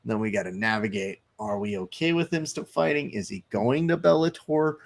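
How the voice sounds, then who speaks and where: A man's voice: fairly high pitch, animated, normal speed, gravelly. A man hosting a live stream, chatting loosely, reading viewer comments aloud and commenting on fights. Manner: loose, chatty, swearing, reads chat aloud.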